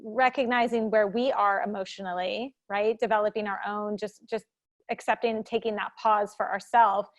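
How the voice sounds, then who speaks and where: A woman's voice: mid-range voice, fairly even intonation, normal speed. A woman hosting a parenting interview, often affirming her guest and reflecting back what she hears. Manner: affirming listener, frequent mm-hmms. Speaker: podcast host. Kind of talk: conversational interview.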